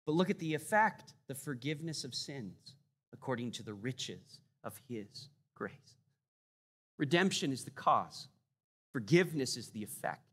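A man preaching a sermon, emphatic, rising to loud peaks and dropping to quiet, low lines. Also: very animated, moderate pace, breathy edge. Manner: emphatic, swings between loud rises and quiet drops. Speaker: pastor. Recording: long hall reverb.

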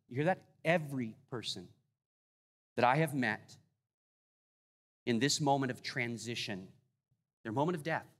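A man preaching a sermon, emphatic, rising to loud peaks and dropping to quiet, low lines. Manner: emphatic, swings between loud rises and quiet drops. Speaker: pastor. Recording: long hall reverb.

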